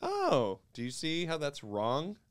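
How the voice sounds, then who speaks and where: A man co-hosting a podcast, bantering and teasing in a casual, animated way. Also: a little high, slow pace, dry recording, studio quality. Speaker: podcast co-host.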